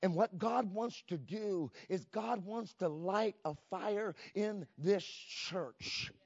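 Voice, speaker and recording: A man preaching a fervent sermon as pastor, calling out "come on" to the church and swinging between shouts and hushed lines. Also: high voice, takes it slowly, gravelly, no room sound. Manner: fervent preaching with repeated "come on" call-outs. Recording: dull lo-fi, dry sound.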